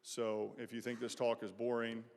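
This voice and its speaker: A man gives a casual, direct motivational talk to students in a large college chapel, joking with the crowd as he goes. His voice sits at a middling pitch. The hall adds a long, ringing reverb. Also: flat delivery, normal speed, gravelly, a little mellow. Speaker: guest speaker, former pro football player.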